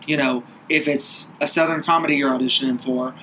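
A man's voice: medium pitch, fairly even intonation, brisk, pushed and bright, a little hiss or hum, poor audio. A man co-hosting a podcast, a theater director giving audition advice in a blunt, joking way. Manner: blunt, jokey, acts out quoted auditioners. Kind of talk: casual chat.

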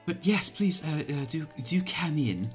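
A man's voice: on the high side, animated, unhurried, soft background music, pitched above the performer's own voice. A man voicing a tall, thin, nervous male rat engineer who stammers politely.

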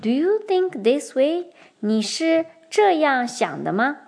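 A young woman hosting a podcast lesson, explaining Chinese patterns clearly and switching between English and Mandarin. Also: sits high, sing-song, slow, darkish tone. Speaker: podcast host and Chinese teacher. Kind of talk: bilingual language lesson.

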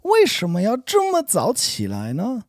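Casting: a man doing a kid son, high and sing-song, swooping all over while reading a practice script. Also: wildly swooping pitch, normal speed, no echo, studio quality. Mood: pleading. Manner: high, childlike and emotional. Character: young son whining about waking up early.

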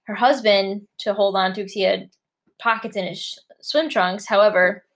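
A woman's voice: medium pitch, steady tone, normal speed. A woman co-hosting a casual podcast, telling stories in a blunt, dry way. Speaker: podcast co-host. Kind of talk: casual chat.

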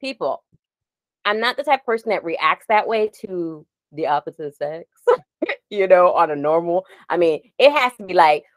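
A woman in her forties co-hosting a podcast, telling a story in an animated, laughing way and drifting off on tangents. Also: on the low side, moderate pace, no room sound. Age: 40s. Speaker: podcast co-host. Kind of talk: casual chat.

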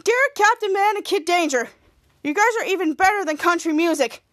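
A woman's voice: very high-pitched, brisk, a bit bright. A woman reading the lines of a boastful, goofy adult male superhero, with a slight lift in her voice.

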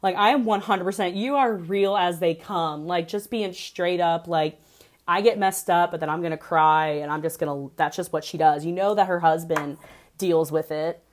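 A young woman chats through a reality TV recap in a loose, gossipy way. Her talk is animated and peppered with "like" as she dishes on every twist. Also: fairly low pitch, moderate pace. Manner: gossipy, animated, heavy use of "like".

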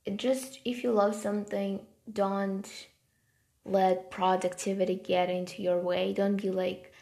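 A woman talks to her viewers in a loose, rambling vlog, with "like" filling every gap. Her voice has a gravelly, fry-heavy edge. Her pitch sits right in the middle for a woman. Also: measured pace. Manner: rambling, heavy use of "like" fillers; passionate, then softer and quieter. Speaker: vlogger. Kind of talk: casual talk to camera.

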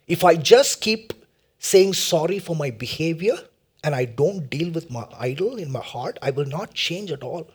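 A middle-aged man from India preaching a sermon, swinging from loud emphatic lines to hushed near-whispers and repeating his points as questions to the congregation. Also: sits high, very animated, moderate pace, husky. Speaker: pastor.

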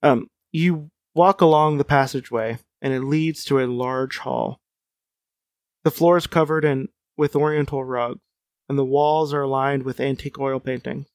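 A man's voice: medium pitch, steady tone, moderate pace, dry recording. A man reading a choose-your-own-adventure book aloud, with playful asides, frequent laughs and casual chat. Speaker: reader of a gamebook.

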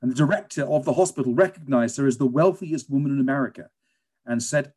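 A British man, a teacher and guest, telling lively stories in a conversational interview. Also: medium pitch, fast, slightly rough. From England. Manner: animated storyteller, lively and emphatic.

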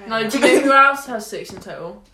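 A young woman with a fairly high voice delivers deadpan one-liners among friends. Her voice bounces in an echoey room over a steady background noise. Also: a little fast. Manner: deadpan dark humour, dry one-liners. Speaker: podcast co-host. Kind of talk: casual chat among friends.

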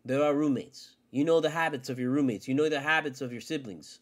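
A podcast host delivers a solo sports rant at a fairly quick clip, cursing freely. He lurches between loud outbursts and low mutters.

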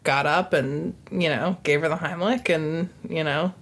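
A woman co-hosting a podcast in casual chat, reacting with quick, lively interjections. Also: sits low. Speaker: podcast co-host.

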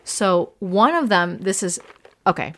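A young woman co-hosting a casual podcast, telling animated stories with quick asides. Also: medium pitch. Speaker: podcast co-host. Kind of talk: casual chat.

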